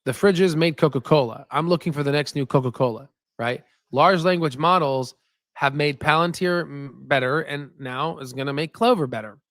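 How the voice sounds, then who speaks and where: Running a stock market livestream, a man chats loosely about viewer comments, habitually ending points with "right?" His voice is fairly high and a bit bright at a normal pace, captured cleanly in the studio with no echo.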